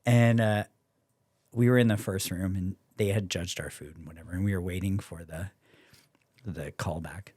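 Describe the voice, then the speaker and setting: A man's voice: sits low, steady tone, normal speed, a little mellow, breathy edge, dry recording. A young Canadian man, a podcast guest, telling a story in casual chat, acting out quoted voices and swearing freely.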